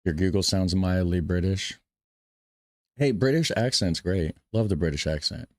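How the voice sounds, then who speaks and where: A man's voice: deep voice, moderate pace, darkish tone, no room sound, studio quality. A man hosting a casual reaction stream, chatting loosely and swearing now and then. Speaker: reaction video host. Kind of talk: casual live reaction commentary.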